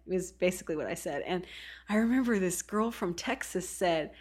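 A woman's voice: medium pitch, lively intonation, moderate pace, breathy edge. A woman podcast host from the Oregon coast, talking casually and chattily, laughing often. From Oregon coast, USA. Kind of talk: casual solo podcast talk.

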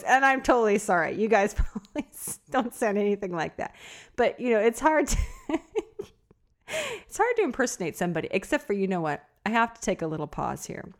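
A woman hosting a podcast who chats casually, laughs often mid-sentence and reads listener emails aloud. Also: lowish voice. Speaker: podcast host.

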